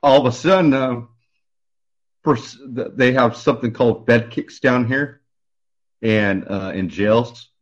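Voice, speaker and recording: A man telling his personal testimony as a radio guest, in an earnest, halting way with many restarts. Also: medium pitch, muffled recording.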